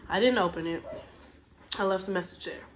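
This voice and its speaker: A woman's voice: fairly low pitch, brisk, noisy background. A young woman telling a storytime tale in a blunt, exasperated, profane way. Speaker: storytime vlogger. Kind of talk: casual storytime rant.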